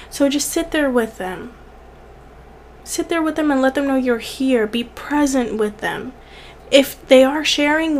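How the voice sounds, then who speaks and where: Young woman, vlogger, earnest and tearful at times, repeats for emphasis, slightly high pitch, faint hiss. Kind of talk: heartfelt direct-to-camera encouragement.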